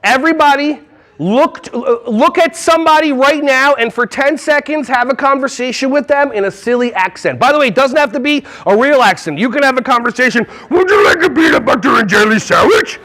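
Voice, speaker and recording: A man from New Jersey giving a playful, animated keynote on early childhood classroom management to a conference crowd. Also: very high-pitched, brisk. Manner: playful and animated, breaking into silly voices and songs. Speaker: early childhood education trainer. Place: large conference hall.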